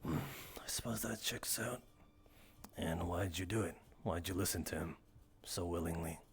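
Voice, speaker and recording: A man's voice: deep voice, normal speed. A man playing a stern interrogator in a roleplay, pressing a suspect for specifics. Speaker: roleplay streamer.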